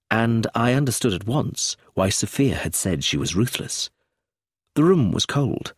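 A man reading a story aloud as narrator, in an expressive scripted narration. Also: medium pitch, slightly rough, no echo, clean studio sound.

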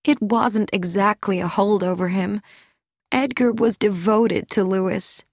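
A woman reading an audiobook, voicing a gentle, humble elderly woman who speaks softly and earnestly. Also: mid-range voice, steady tone, unhurried, no echo, clean studio sound. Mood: earnest wistful.

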